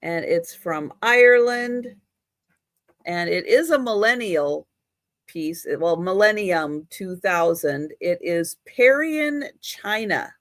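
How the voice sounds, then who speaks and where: A woman's voice: mid-range voice, fairly bright tone, no room sound, clean studio sound. A woman hosting a live online auction, chatty and laughing at her own slips. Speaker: live sale host.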